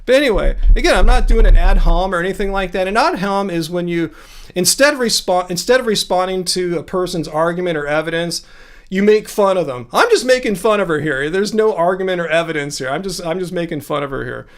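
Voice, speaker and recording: Sarcastic high-voiced male livestream host. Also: brisk. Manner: sarcastic, ranting, talks straight to viewers. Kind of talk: casual livestream chat reading viewer comments.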